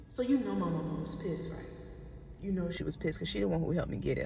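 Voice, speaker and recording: A woman's voice: fairly low pitch, animated, fast, gravelly, dark tone, faint music behind. A woman vlogger telling a personal story in a casual, digressive, profane way, often checking in with her listeners.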